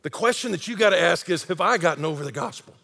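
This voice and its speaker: A man preaching a sermon, impassioned, swinging between loud emphasis and hushed intensity. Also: high voice, expressive, quick pace, creaky. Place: large church sanctuary. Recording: long hall reverb.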